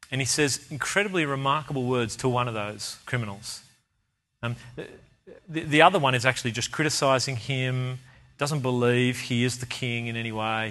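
A man delivering a sermon in an earnest, emphatic way. His voice sits at an ordinary middle pitch for a man. He leans on repeated phrases to drive each point home. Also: bright, forceful tone. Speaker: preacher.

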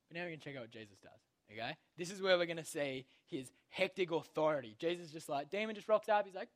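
A man's voice: fairly high pitch, fast talker. Young aussie guy teaching a kids bible lesson, slangy and chatty, keeps going okay?. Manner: casual, slangy, checks in with "okay?" constantly.

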